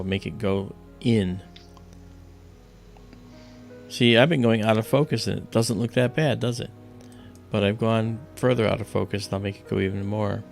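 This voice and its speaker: A man's voice: fairly low pitch, creaky. A man hosting an astronomy livestream, explaining things step by step in a loose, casual way.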